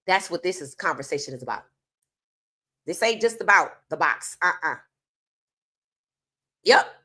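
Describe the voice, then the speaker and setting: Her voice is on the low side, bright and forceful with a breathy edge, lively in intonation and unhurried. She's a woman delivering an opinionated sports commentary monologue in casual, informal speech, aiming emphatic rhetorical questions directly at viewers.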